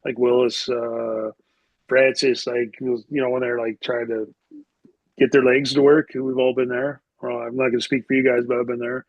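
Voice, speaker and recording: A middle-aged man spins loose, profane stories as a podcast guest, peppering every sentence with "like". His voice sits at an ordinary pitch. The recording is close and dry, with a slightly muffled, dull tone. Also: little pitch movement, normal speed, no room sound. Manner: rambling, profane, heavy use of "like". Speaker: podcast guest, former hockey player. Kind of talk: casual storytelling interview.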